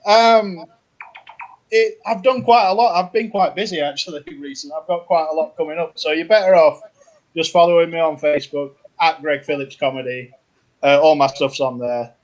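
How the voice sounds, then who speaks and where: Man, comedian, panel guest, easygoing, casual chat, slightly high pitch. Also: steady tone, moderate pace.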